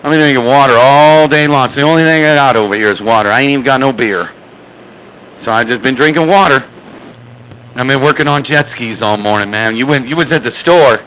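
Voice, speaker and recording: Folksy guy on the cb from his radio room, bright tense voice, little hiss behind. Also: medium pitch, fairly quick, rough recording. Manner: folksy, playful drawl with slangy nicknames. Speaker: CB radio operator. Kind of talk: casual CB radio chat.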